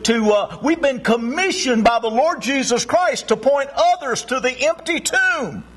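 A man's voice: very high voice, animated, unhurried, fairly bright tone, slightly rough, low-quality recording. A male pastor preaching an Easter sermon, telling a story with big swings in his voice. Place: church sanctuary.

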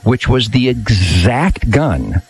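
A man's voice: medium pitch, big pitch swings, takes it slowly, creaky, a little hiss or hum. A man guesting on a radio show, telling a story in a boisterous, swaggering way with frequent laughter, on a studio microphone. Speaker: guest musician.

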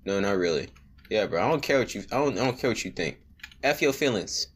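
A man's voice: on the low side, lively intonation, a little fast. A young man giving joking, slangy commentary while playing a text-message game, reading the messages aloud and breaking into mock singing. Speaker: gaming video creator. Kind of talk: casual gameplay commentary.

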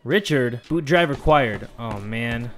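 A young man commentating a video game, excitable, joking and swearing. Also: mid-range voice, slow, music in the background. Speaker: gaming channel host. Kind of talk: let's-play commentary.

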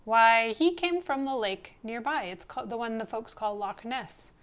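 A woman's voice: a little high, measured pace, a bit bright. A woman voicing a jolly, hearty uncle from Scotland in a storybook reading.

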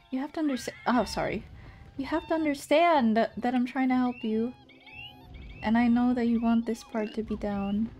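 A woman VTuber streaming a game, reacting in excitable, panicky bursts with repeated shouts and frequent swearing. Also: fairly high pitch. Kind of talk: casual live gameplay commentary.

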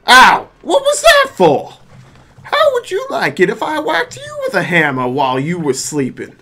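A man's voice: very high voice, wildly swooping pitch, normal speed, gravelly, pitched above the performer's own voice, exaggerated voice. A man voicing a brash talking male paint can with a loose, made-up accent, reading game dialogue aloud. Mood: indignant. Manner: loud, cheeky, vague put-on accent.

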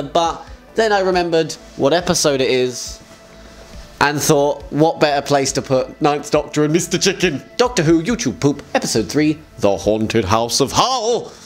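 A man hosting a fan community show, chatting casually and enthusiastically with jokey asides. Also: fairly high pitch. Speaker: host.

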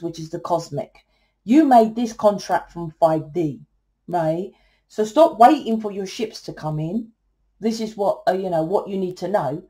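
A middle-aged woman working as a tarot reader and spiritual coach delivers a casual tarot monologue, blunt, salesy, and freely profane. Her voice is medium-pitched and mellow.

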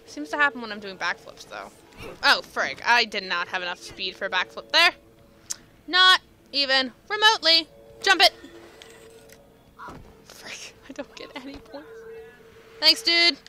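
Bright, lively young woman gaming. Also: high-pitched, unhurried, pauses often, a little hiss or hum.

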